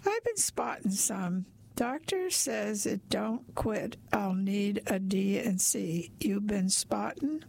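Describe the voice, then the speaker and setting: A woman voicing a big, protective laundromat attendant in a spoken story, folksy and soothing, pitched a little higher. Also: animated, takes it slowly, creaky, hardly any pauses, darkish tone, full character voice. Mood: confiding.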